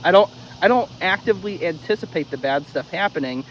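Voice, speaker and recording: A high-pitched man with lively intonation talks fairly quickly as he teaches dog correction step by step. His casual, blunt instruction is full of swearing and drill-like repetition of the key steps. The recording sounds dull, with a slight hiss or hum.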